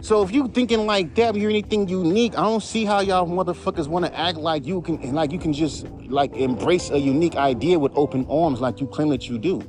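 A man's voice: fairly high pitch, a little fast, hardly any pauses, darkish tone, faint music behind. A man who raps, ranting in a casual, profane, heated way on his podcast. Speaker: podcast host, rapper. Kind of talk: casual rant.

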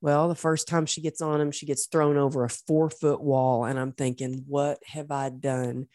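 A very low-pitched woman hosts a podcast interview, telling personal stories with effusive, faith-tinged enthusiasm. Her voice sounds dry and close, with no room around it. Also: flat delivery, moderate pace, darkish tone, no echo. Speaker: podcast host. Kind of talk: conversational interview.

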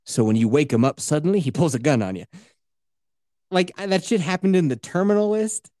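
With a voice on the high side and a fairly quick delivery, a podcast host animatedly runs through a movie's plot, swearing freely and doing voices. It's a casual chat recorded with clean studio sound and no echo.

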